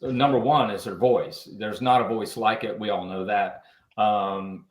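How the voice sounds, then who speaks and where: A man, a musician and guest on a radio show, telling stories about his band in an animated way. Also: on the low side, reverberant, rough recording. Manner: animated storyteller, lively quoted voices. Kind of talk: storytelling in interview.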